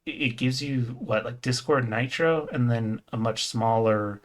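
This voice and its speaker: A man's voice: medium pitch, measured pace, slight background noise. A man co-hosting a casual podcast, rambling and correcting himself, laughing often and swearing casually. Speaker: podcast co-host. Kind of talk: casual gaming podcast chat.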